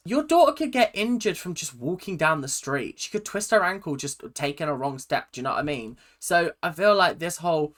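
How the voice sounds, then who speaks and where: Young woman ranting through a reaction vid, lively up-and-down voice, chatty and opinionated. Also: lowish voice, a little fast, hardly any pauses. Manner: chatty and opinionated, with frequent laughs. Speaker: reaction video host. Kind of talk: casual reaction commentary.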